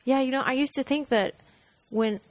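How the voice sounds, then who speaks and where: A woman's voice: high-pitched, normal speed, no echo. A woman co-hosting a casual chat, talking animatedly with many fillers.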